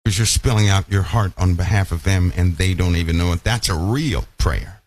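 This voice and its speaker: A man preaching a Bible-study sermon who keeps asking his listeners questions and slows down to stress key lines. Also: sits low, fairly even intonation, a little mellow, a little hiss or hum. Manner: emphatic, asks the audience questions often.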